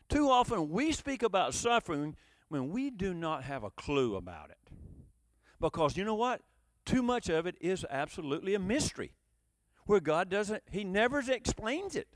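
A man preaching a sermon with a high voice that leaps all over its range. He moves between loud, emphatic bursts and low, quiet asides. The sound is dry and close. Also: expressive, normal speed, dry recording.

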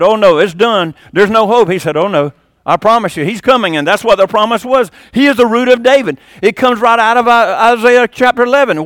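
Older preacher with dramatic swings. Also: male voice, no room sound, clean studio sound. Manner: dramatic swings between loud emphasis and quiet low asides. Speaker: pastor. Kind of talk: sermon.

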